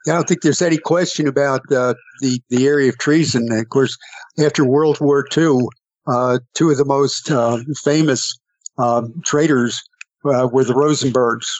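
Measured man, dry close sound. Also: medium pitch, fairly even intonation, no room sound, highs cut off. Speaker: panel guest. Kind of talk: political discussion panel.

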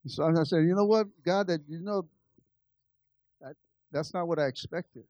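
A man preaching with a fairly high voice, recorded dry and close. He tells a personal story to his church, dropping to quiet asides and then rising to loud, lively peaks. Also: normal speed, no room sound. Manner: animated, swings from soft asides to loud climaxes. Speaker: pastor. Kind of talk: storytelling sermon.

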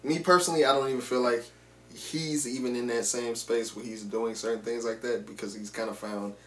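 A man co-hosting a podcast, speaking in a measured, casual way and often restarting his sentences. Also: mid-range voice, fairly even intonation, a bit bright. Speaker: podcast co-host. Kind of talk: casual chat. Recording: roomy with faint hum.

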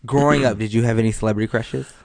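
A man's voice: fairly low pitch, fairly even intonation, rapid-fire, no room sound. A man hosting a podcast, chatting casually in an easygoing way that breaks into laughter. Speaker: podcast host. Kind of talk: casual chat.

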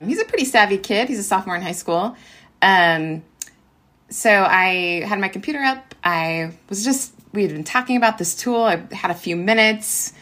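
Animated woman telling a story. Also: mid-range voice, moderate pace. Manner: animated retelling with many fillers and quoted dialogue. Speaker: interview guest, ed tech worker and former teacher. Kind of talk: casual storytelling.

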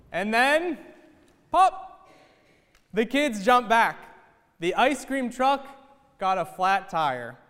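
High, clear-voiced preacher. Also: male voice, a bit bright. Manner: storytelling, earnest, repetitive preaching. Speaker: Orthodox priest. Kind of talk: sermon. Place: church. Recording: echoey church hall.

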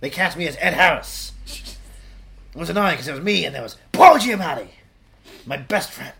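A comedian putting on a loud, drawn-out, theatrical impression of an older male film star. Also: mid-range voice, lively intonation, gravelly, noisy background. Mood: boastful.

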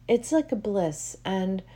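A woman talks slowly and gently to her listeners, like a spiritual teacher sharing what she feels. Her voice is mellow and dark in tone, and her talk wanders through many fillers and soft, moved asides. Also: mid-range voice, breathy edge. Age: adult with a child. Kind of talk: heartfelt solo talk to listeners.

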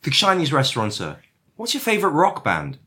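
A man's voice: on the high side, huge pitch swings, fairly quick, bright, forceful tone. A man in an improvised comedy scene, quizzical and teasing, stammering as he pushes back.

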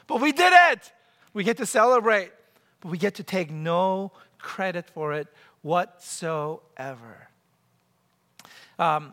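A man preaching a sermon to his church, animated, acting out scenes and leading the congregation in call-and-response. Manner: animated, acts out scenes and quotes with big pitch jumps. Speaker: pastor. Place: church sanctuary. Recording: long hall reverb.

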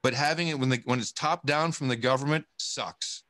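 A man on a podcast, talking in a rambling, animated and profane way, restarting his sentences often. His voice sits at an ordinary middle pitch. The sound is dry and close, with no room echo. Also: fairly quick. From United States. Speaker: guest. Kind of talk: casual podcast conversation.

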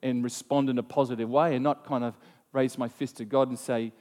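A man preaching a sermon, telling a story in an animated way with frequent restarts. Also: mid-range voice, fairly quick, in a large hall. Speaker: pastor.

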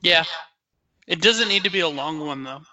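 Man with a very sharp, bright voice. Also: fairly high pitch, animated, normal speed, rough recording. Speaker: podcast co-host. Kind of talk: casual sports podcast chat.

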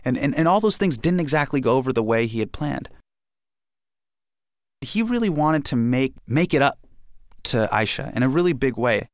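A man from India telling a personal story, acting out the scenes with animated energy. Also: medium pitch, moderate pace, pauses often, no room sound, studio quality.

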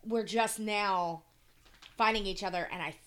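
A woman's voice: mid-range voice, measured pace, fairly bright tone. A woman, chatting candidly and emotionally as a podcast co-host, swearing freely and tearful. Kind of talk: casual chat.

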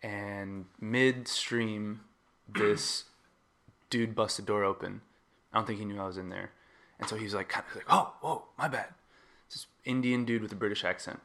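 Laid-back host with a bright voice. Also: male voice, fairly low pitch, moderate pace. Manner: relaxed, laughing along, swapping stories. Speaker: podcast host. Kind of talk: casual conversation.

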